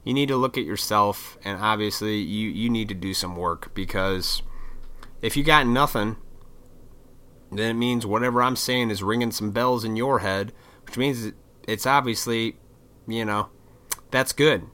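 A man's voice: lowish voice, measured pace, pushed and bright. A man talking straight to camera in a casual, profane, opinionated monologue. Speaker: vlogger.

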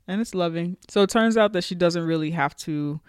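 A woman's voice: on the low side, fairly quick, clear, resonant tone, no room sound, clean studio sound. A woman co-hosting a podcast, casually recapping a TV episode with lots of fillers and swearing. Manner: chatty, profane, animated storytelling with frequent fillers. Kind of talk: casual chat.

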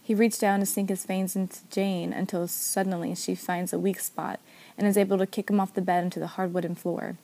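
A woman narrating a story aloud in a steady, even manner. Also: mid-range voice, brisk, gravelly. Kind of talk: story reading.

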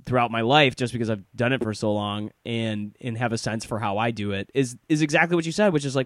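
A man hosting a podcast in casual, animated chat, laughing often and talking in quick bursts. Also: mid-range voice, dry recording, studio quality. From Detroit area. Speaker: podcast host.

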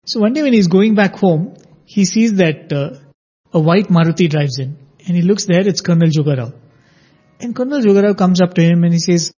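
A man's voice: high-pitched, fairly quick, breathy edge. A man telling a devotional anecdote in a conversational way, acting out the quoted lines. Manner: animated, acts out quoted dialogue. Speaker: storyteller sharing a devotional anecdote. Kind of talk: conversational spiritual storytelling. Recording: dull lo-fi audio.

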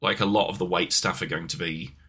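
A man's voice: sits low, fairly even intonation, a little fast, pushed and bright, breathy edge. A man co-hosting a casual comedy podcast, rambling and jokey, often slipping into silly voices. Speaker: podcast co-host.

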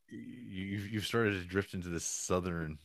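A man co-hosting a casual comedic chat, laughing easily and dropping deadpan remarks. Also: low-pitched, a little slow, background noise. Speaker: podcast co-host. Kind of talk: casual comedic chat, reading reviews aloud.

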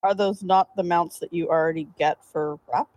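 A woman co-hosting a podcast in casual chat, teasing and animated. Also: fairly low pitch, normal speed, no room sound. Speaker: podcast co-host.

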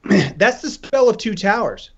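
A man talking loose and animated on a podcast, swearing freely and acting out little voices as he argues. His voice sits a bit high, and the audio is dull and lo-fi. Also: moderate pace. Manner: animated, profane, acts out voices. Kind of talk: casual chat. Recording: dull lo-fi sound.

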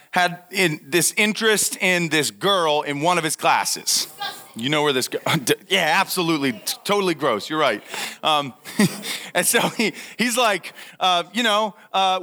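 A young man telling a funny story in a talk, animated and laughing, acting out what people said. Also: a little high. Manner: animated, laughing, acts out quotes. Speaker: speaker giving a talk.

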